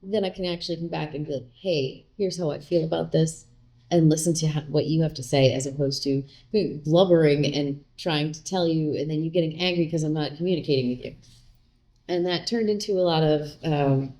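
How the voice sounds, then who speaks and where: A woman's voice: sits low, a little fast. A woman guest speaking casually and candidly in an interview, often acting out the lines other people said. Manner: candid, animated, acts out quoted lines.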